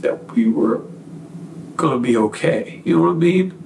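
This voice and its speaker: A man's voice: mid-range voice, lively intonation, normal speed, creaky, darkish tone, roomy sound, distant mic, a little hiss or hum, low-quality recording. A man, a podcast guest, giving an earnest, preachy faith testimony full of fillers and restarts. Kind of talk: casual testimony.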